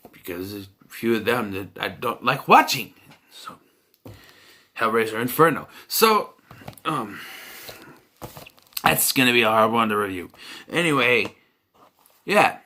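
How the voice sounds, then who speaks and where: A man's voice: on the low side, normal speed, pauses often, bright, forceful tone. A man giving a casual, rambling movie review full of fillers and restarts.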